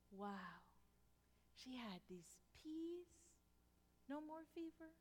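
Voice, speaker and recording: A woman preaching a sermon with personal stories, her delivery swinging from loud to hushed. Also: fairly high pitch, lively intonation, slow, long pauses, slight background noise. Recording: long hall reverb.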